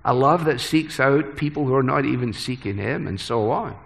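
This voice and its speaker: A man preaching a sermon earnestly, moving from hushed phrases to emphatic ones. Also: mid-range voice, normal speed, vocal fry. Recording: long hall reverb.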